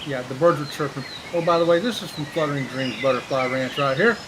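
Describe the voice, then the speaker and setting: A man hosting a live stream in casual chat, folksy and excitable, often saying y'all. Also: mid-range voice, fairly quick, background noise.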